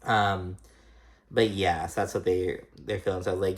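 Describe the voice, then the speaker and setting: A man hosting a casual reality TV recap. He talks in a chatty, profane way and mimics the cast's lines in a higher pitch. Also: steady tone, moderate pace, slight background noise.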